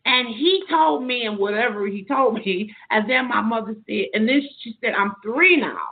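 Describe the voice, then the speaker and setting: Woman guest on a podcast, kinda high voice, earnest spiritual storytelling, sounds like she's on a phone line. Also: moderate pace, hardly any pauses. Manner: earnest, spiritual, talks in long loose anecdotes. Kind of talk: personal storytelling in an interview.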